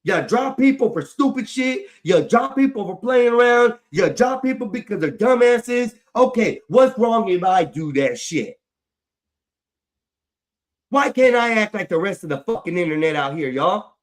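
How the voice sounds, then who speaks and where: A man's voice: sits high, animated, a little slow. A grown man ranting on a livestream, profane and frustrated, repeating himself as he vents. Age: adult. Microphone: streaming mic.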